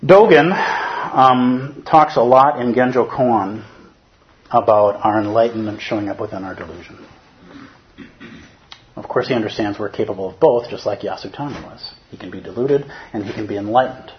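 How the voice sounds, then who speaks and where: A man's voice: on the low side, moderate pace, muffled recording, slight background noise. A man teaching as a Zen teacher in a dharma talk, conversational and humorous, often checking in with listeners.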